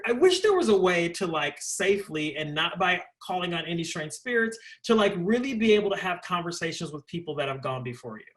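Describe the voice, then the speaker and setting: Lively high-voiced man chatting casually. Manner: animated, rambling, lots of fillers like "like". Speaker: interview guest, stage performer. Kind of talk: casual conversational interview.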